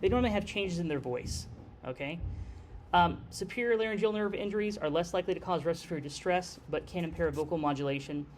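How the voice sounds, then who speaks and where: A nurse anesthesia instructor lectures on airway anesthesia in a conversational style, frequently checking in with the class by asking "okay?". His voice sits high, he talks fast, and there's slight background noise.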